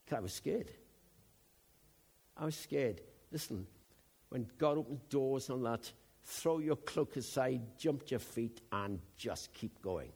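A man preaching a sermon in a conversational way, dropping to hushed asides and rising to loud, emphatic bursts. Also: mid-range voice, lively intonation, unhurried, breathy edge.

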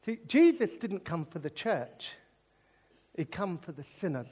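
A British man preaching with a high, bouncing voice that swoops up and down as he jokes. His sermon mixes comic storytelling with earnest appeals. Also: unhurried, husky. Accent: British English. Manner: animated and jokey, drifting into earnest preaching.

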